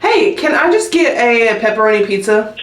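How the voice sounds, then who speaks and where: A woman's voice: a little high, big pitch swings, normal speed, fairly bright tone. A woman, chatting in a rambling vlog style, full of "like" and "um". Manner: rambling, heavy use of "like" and "um". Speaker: nursing student vlogger. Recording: echoey room.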